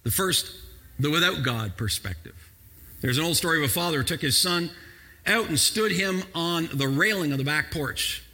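A pastor preaches with lively, sweeping pitch and a bright, husky edge to his voice. He drops low and soft, then climbs to shouted emphasis. The sound rings with the long reverb of a church hall. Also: normal speed. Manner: animated preaching, swings from quiet to shouting. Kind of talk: sermon.

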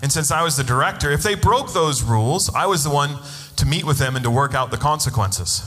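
A man's voice: on the high side, sharp tone, long reverb tail. A man preaching a sermon as a pastor, telling a personal story and acting out the voices of the people in it. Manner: storytelling, acts out quoted voices.

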